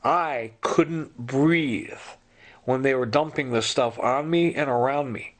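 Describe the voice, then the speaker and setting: A man's voice: mid-range voice, takes it slowly. A middle-aged man telling his own story in an impassioned monologue, urgent and pleading, repeating himself and appealing straight to the listener.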